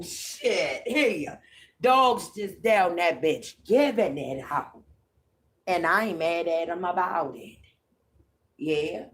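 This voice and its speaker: A woman hosting a livestream, telling a story in a profane, repetitive way. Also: on the low side. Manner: slow, drawling, profane, repeats herself. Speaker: livestream host.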